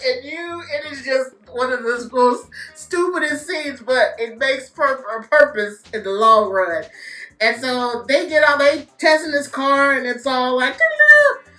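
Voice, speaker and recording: A woman giving a casual movie review, animated and laughing, swearing freely and acting out scenes. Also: high-pitched, reverberant.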